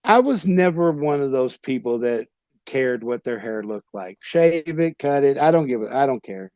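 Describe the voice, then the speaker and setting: A man, a wrestler guest telling animated stories in casual talk, acting out quoted voices and swearing freely. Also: medium pitch, moderate pace, no room sound. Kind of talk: casual storytelling interview.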